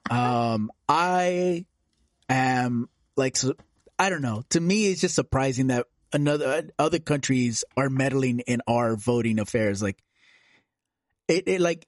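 A man's voice: mid-range voice, moderate pace, no echo, studio quality. A man hosting a casual political chat podcast, talking loosely with fillers and casual swearing. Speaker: podcast host.

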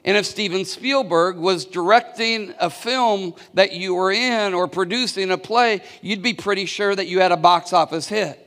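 A man's voice: sits high, moderate pace, hardly any pauses, fairly bright tone. A man preaching a sermon as pastor, telling a story and calling on the congregation to answer back, often restarting his words. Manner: storytelling with call-and-response to the congregation; many restarts and repeated words. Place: church hall. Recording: long reverb of a large hall.

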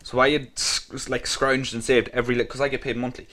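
A man's voice: medium pitch, little pitch movement, a little fast, a bit bright. A man co-hosting a podcast, telling rambling, sweary stories in casual chat. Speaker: podcast co-host.

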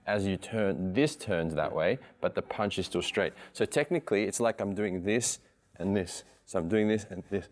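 A man's voice: low voice, normal speed, hardly any pauses. A man teaching a martial arts class, patiently coaching technique and repeating cues in rhythm.

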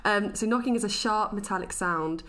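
A young woman co-hosting a casual podcast, playful and quick to laugh while reading out researched facts. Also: mid-range voice, a bit bright. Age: young adult. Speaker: podcast co-host. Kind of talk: casual chat.

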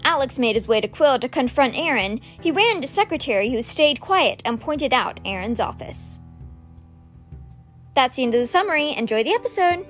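A woman hosting a read-aloud podcast, reading a novel in an expressive storytelling manner. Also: high-pitched, moderate pace, faint music behind.

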